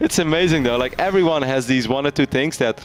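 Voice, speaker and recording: A man casting a live esports match, chatty and quick to laugh, telling anecdotes to his co-caster. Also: mid-range voice, soft background music.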